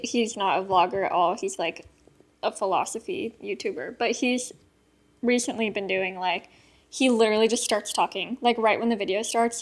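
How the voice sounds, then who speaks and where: Giggly young woman, higher voice. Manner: giggly, rambling with many "like"s. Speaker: podcast co-host. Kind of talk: casual chat.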